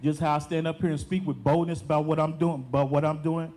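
Man, young adult, deacon preaching, fairly high voice, emphatic repetition. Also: flat delivery, fast, a little mellow. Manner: emphatic preaching with repeated phrases. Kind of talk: sermon.

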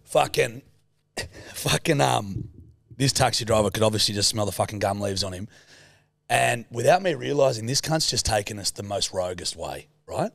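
A man's voice: fairly low pitch, expressive, moderate pace, vocal fry, a bit bright, no room sound, clean studio sound. A young Australian man co-hosting a podcast, telling a rambling anecdote in casual chat and swearing a lot. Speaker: podcast co-host.

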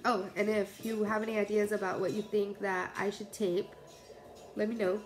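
A woman's voice: medium pitch, little pitch movement, normal speed. Chatty pregnant woman cooking at home. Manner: chatty, laughs often, rambling. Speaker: cooking vlogger. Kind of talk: casual chat while cooking. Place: home kitchen.

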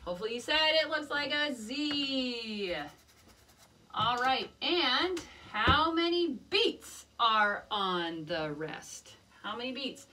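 A woman teaching a music lesson to young children, gently encouraging and chanting rhythm syllables in a sing-song voice. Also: on the high side, animated, takes it slowly, far from the mic, a little hiss or hum.

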